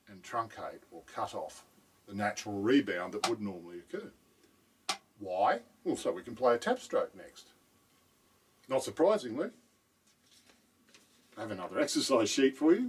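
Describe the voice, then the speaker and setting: A man's voice: on the low side, far from the mic, slight background noise. A man teaching drum technique in a patient video lesson, often checking in with "right?".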